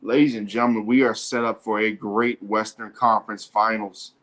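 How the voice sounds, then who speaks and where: A man hosting a sports show, commenting live on a basketball game in an excitable way and often repeating himself. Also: lowish voice, normal speed.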